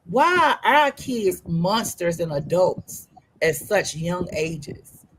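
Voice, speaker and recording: A woman's voice: on the low side, sing-song, slow pace, low-quality recording. A woman co-hosting a podcast, talking through tears in an emotional, emphatic way and repeating her words. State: crying. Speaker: podcast co-host. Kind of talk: casual podcast discussion. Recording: faint noise, remote call line.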